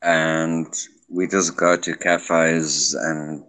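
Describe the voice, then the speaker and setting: A man with a South African accent and a very deep voice speaks slowly in an easy, relaxed voice-chat manner. He drawls through his sentences with no rush at all. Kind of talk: casual voice chat.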